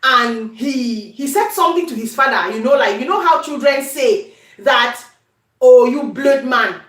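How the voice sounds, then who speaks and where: High-voiced Cameroonian woman, cooking chat. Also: expressive, normal speed, fairly bright tone, roomy sound. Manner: chatty, addresses viewers, breaks into Pidgin. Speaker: cooking channel host. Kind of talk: casual cooking demonstration. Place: home kitchen.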